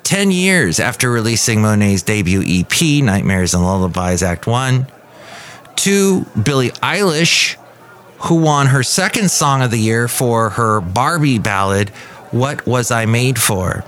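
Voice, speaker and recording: A man hosting a casual solo podcast, commenting on music news in a rambling, opinionated way and reading quotes with lively swings. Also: medium pitch, unhurried. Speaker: podcast host.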